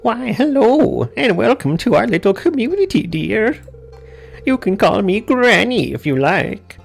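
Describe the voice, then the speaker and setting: A man voicing a kindly old granny from a farming video game, in a high falsetto. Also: big pitch swings, unhurried, creaky, faint music behind, heavily acted. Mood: sweet.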